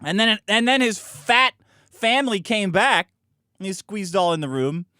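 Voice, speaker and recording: A middle-aged man hosting a podcast, telling a story in a profane, animated way and acting out the people in it, close on a podcast mic. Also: high-pitched, normal speed, no echo. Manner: animated, profane, acts out quotes from his story. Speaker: podcast host. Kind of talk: casual storytelling.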